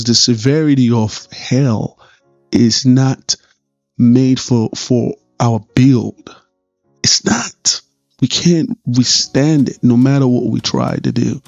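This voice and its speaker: A man with a gravelly voice gives earnest commentary on a testimony and presses his points again and again. The sound is dry and a little dull, with faint music behind him. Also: medium pitch, a little mellow, no room sound. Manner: earnest, insistent repetition. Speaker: reaction video host. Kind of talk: reaction commentary, preaching tone.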